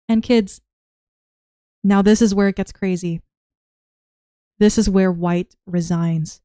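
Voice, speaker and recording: A young woman, a part-time teacher, rants in a rambling, animated way, with her voice worn from shouting. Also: mid-range voice, slow pace, pauses often, no room sound, clean studio sound. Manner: rambling, animated storytelling with acted-out quotes. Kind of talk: casual ranting vlog.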